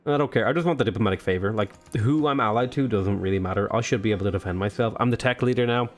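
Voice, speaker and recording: Talking very fast in a fairly low voice, a man hosts a casual let's play. He's playful and jokey, rambling with lots of fillers while game music plays faintly in the background.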